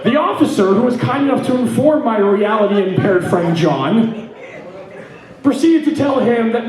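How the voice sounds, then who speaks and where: A man's voice: extremely high pitch, lively intonation, moderate pace, very echoey, crowd noise, low-quality recording. A middle-aged man from Ontario doing stand-up comedy, telling a story with lots of swearing and laughing between punchlines. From Ontario, Canada.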